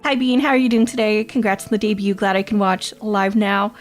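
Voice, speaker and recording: A woman's voice: medium pitch, steady tone, fairly quick, faint music behind. A woman streaming casually, reading chat aloud, joking crudely and laughing often, often repeating her own phrases. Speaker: VTuber streamer.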